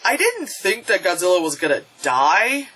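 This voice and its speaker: A woman casually reviewing a movie in a vlog, excitable and profane, breaking into loud yelps as she retells scenes. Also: fairly low pitch, moderate pace, slightly rough, low-quality recording.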